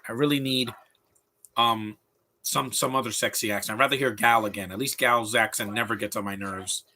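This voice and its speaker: Male film commentator, live talk-over, bright and punchy tone, opinionated rambler. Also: lowish voice, fairly even intonation, moderate pace, slight background noise. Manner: opinionated, rambling rant with restarts.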